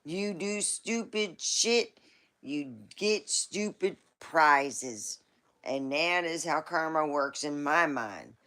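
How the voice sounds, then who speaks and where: A woman's voice: low voice, expressive, takes it slowly, a bit bright. A woman hosting a live stream, chatting casually in a rambling, folksy storytelling way.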